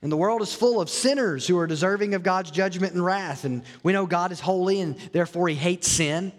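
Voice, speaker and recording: A man's voice: high voice, fairly quick, big-room sound. A man preaching a sermon as a pastor, earnest and often repeating or restarting his words.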